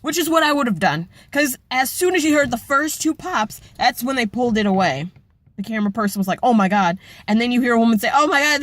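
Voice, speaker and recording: A woman's voice: mid-range voice, no echo. Impassioned woman vlogger swearing bluntly, dry sound. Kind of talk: emotional personal vlog rant.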